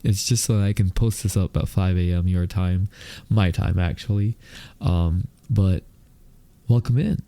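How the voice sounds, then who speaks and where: A man in his mid-thirties hosts a casual solo podcast, his low, gravelly voice carrying a slight lisp from the retainers he wears. He talks slowly and deliberately, with plenty of fillers, and his tone is mellow and dark in a dry, close-sounding space. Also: steady tone, no room sound. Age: mid-30s. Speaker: podcast host.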